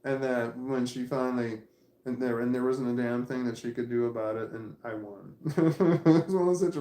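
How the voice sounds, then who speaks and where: A man's voice: medium pitch, a little mellow, reverberant. A man in his forties telling a long, profane anecdote in a casual, rambling way, often breaking into laughter. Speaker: vlogger. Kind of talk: casual storytelling.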